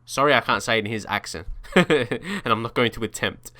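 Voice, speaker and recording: A young man talks through a football game in casual let's-play style, rambling and chuckling as he thinks aloud. His voice is bright and crisp, with a forward edge. The recording is close and dry, with no room around it. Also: fairly low pitch, lively intonation, normal speed, no room sound. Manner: chatty, thinks aloud, frequent restarts and laughs. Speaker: gaming video creator.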